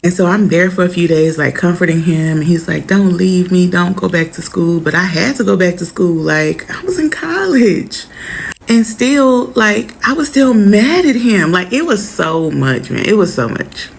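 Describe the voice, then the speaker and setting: Gravelly-voiced woman telling a story. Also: lowish voice, moderate pace, slight background noise. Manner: animated, acts out quoted people. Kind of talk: casual storytime.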